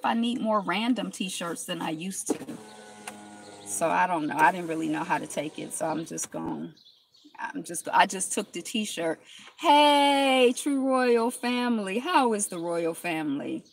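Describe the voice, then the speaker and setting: A woman's voice: fairly low pitch, unhurried, gravelly, pauses often, husky. A woman with a cold, hosting a casual live stream from inside a car, chatting with viewers and greeting them by name. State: has a cold.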